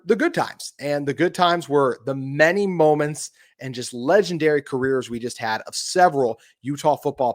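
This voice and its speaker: A man with a slightly higher voice hosting a casual sports podcast. He keeps the talk upbeat and chatty and moves it along, setting up segments and handing questions to his co-host. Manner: upbeat, chatty, steering the conversation.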